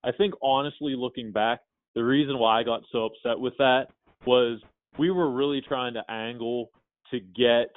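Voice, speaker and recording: A man's voice: medium pitch, fairly even intonation, normal speed, no room sound. Male podcast co-host, rambling storyteller, dry dull lo-fi audio. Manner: rambling, repeats words while telling a story. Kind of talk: casual storytelling chat.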